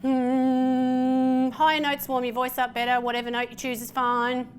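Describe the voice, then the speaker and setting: A woman leading a group through breathing and humming exercises, a lively, playful instructor who counts slowly and cues each step. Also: on the high side, a little hiss or hum. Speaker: voice workshop presenter. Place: room with a participating group.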